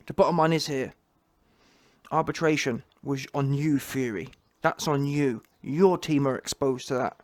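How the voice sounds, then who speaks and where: Guy ranting, mocking and heated, bit high voice, dry sound. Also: no echo. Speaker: online commentator. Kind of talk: ranting reaction commentary.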